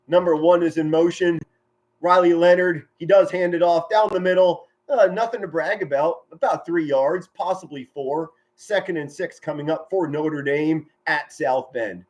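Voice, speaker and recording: Energetic man calling a football game. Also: a little high. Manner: energetic, chatty, folksy asides. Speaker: amateur play-by-play commentator. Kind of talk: live-streamed play-by-play commentary. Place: home, indoors.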